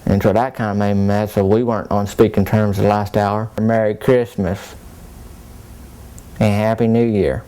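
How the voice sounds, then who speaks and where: A man's voice: on the low side, level tone, normal speed, mellow, clean tone. A man telling a rambling small-town story in folksy country talk. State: soaked and cold. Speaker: comedic character monologue.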